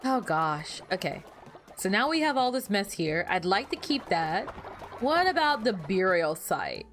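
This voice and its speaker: A woman streaming a game, chatting casually with viewers in an animated, easily flustered way. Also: medium pitch, measured pace, slight background noise. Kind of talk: casual gameplay commentary to chat.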